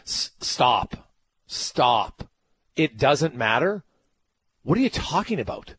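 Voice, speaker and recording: Husky-voiced man ranting on sports radio. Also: medium pitch, big pitch swings, takes it slowly, fairly bright tone. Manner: emphatic, ranting, rhetorical questions. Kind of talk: opinionated sports talk radio.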